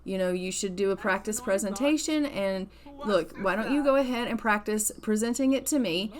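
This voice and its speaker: A gentle mother in a life-sim game, soothing and encouraging as she reassures her child, voiced by a woman. Her pitch sits in an ordinary middle range. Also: normal speed, close to an everyday voice.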